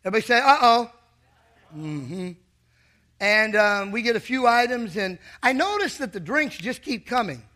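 High bright-voiced pastor telling jokes. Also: male voice, animated, brisk, hardly any pauses. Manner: humorous, teasing the congregation. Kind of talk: sermon with storytelling.

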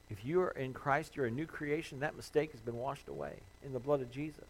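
A man's voice: medium pitch, brisk, few pauses, low-quality recording. A man preaching a sermon as pastor, earnest and building to impassioned emphasis, acting out the pleas of troubled listeners. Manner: voices imagined worshippers' pleas.

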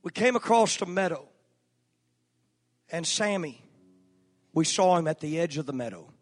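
Earnest preacher telling a folksy story. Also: male voice, on the high side, animated. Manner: folksy, earnest, with filler pauses. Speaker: pastor. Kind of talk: sermon storytelling. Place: church sanctuary. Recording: long church hall reverb, faint music.

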